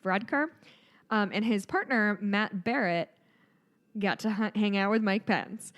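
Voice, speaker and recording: A chatty woman in her thirties, co-hosting a podcast, tells her stories in a loose, rambling way. She fills the gaps with plenty of "um"s and "like"s and laughs easily. Her voice sits at an ordinary middle pitch. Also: a little slow, highs cut off. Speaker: podcast co-host. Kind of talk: casual chat.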